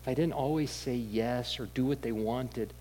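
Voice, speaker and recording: A man preaching a sermon in a candid, conversational storytelling way, with halting restarts. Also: medium pitch, warm tone, slight background noise, low-quality recording. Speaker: pastor.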